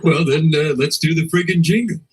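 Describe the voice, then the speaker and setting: A man's voice: a little high, fairly quick, husky. A man hosting a late-night comedy show with a mock-exasperated, joking manner, on cold medication. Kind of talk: comedic monologue. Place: television studio. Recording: loud studio audience.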